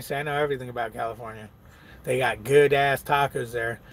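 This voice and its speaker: A truck driver chatting casually on a live stream, reading viewer comments aloud and answering them, swearing freely and laughing often. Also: male voice, mid-range voice, steady tone, fast, fairly bright tone.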